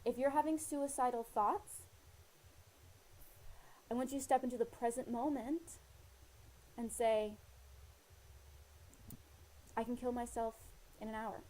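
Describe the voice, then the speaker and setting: A woman's voice: on the high side, fairly even intonation, a little slow, long pauses, darkish tone, poor audio. A woman talking earnestly to camera, rambling a little with fillers as she shares personal advice. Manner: earnest, rambling, many fillers and retold dialogue. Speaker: vlogger sharing personal advice. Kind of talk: casual personal talk to camera. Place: living in Australia.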